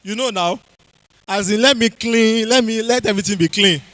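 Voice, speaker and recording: A man's voice: high-pitched, normal speed, fairly bright tone, low-quality recording. A man with a Nigerian accent giving a health talk to a church congregation, quizzing the audience and repeating key phrases. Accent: Nigerian English.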